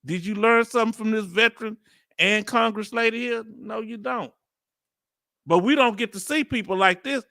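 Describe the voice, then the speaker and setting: A lively man with a Texas accent talks back at a clip in a high, bright, forceful voice. His commentary is slangy and animated, full of laughter. The sound is close and dry. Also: normal speed, creaky, dry recording. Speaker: reaction video host. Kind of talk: reaction commentary.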